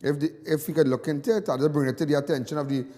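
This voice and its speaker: Phoning a talk show, a Trinidadian man delivers a fiery, repetitive, indignant rant. His warm, rather high voice is rapid-fire with fairly even intonation, and he sounds like he's in a large hall.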